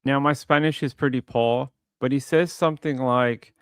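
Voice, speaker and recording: A man casually commenting on a crime video, with animated, mocking retellings of what people said. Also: mid-range voice, moderate pace, smooth, no room sound.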